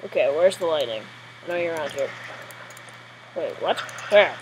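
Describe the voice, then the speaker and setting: A woman commentating her own gameplay live, excitable and jittery, often giggling. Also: low voice, normal speed, a little hiss or hum, low-quality recording. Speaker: gamer.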